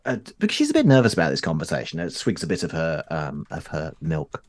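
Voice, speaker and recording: A man's voice: very deep voice, huge pitch swings, fast, no room sound. A man playing in a tabletop game, tentatively narrating what his character does. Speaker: player.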